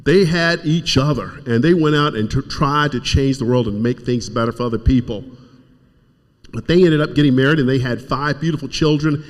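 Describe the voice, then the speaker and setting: At a community event, a middle-aged Kentuckian delivers a moving speech, near tears as he rallies his listeners. His mid-range voice moves at a normal pace, and the recording carries hall reverb.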